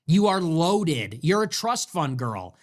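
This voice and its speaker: Sarcastic, animated male commentary host. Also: on the high side, takes it slowly. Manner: sarcastic and mocking, with crude insults. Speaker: political commentary show host. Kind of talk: political commentary monologue.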